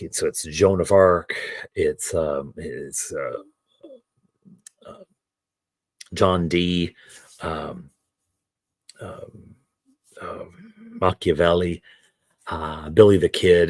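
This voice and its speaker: A man with a low voice hosts a crafting stream and chats as he works. He wanders from story to story and jokes at his own expense. His voice sounds close and dry, with no room echo. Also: darkish tone, husky. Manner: meandering, self-deprecating. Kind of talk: casual chat while crafting.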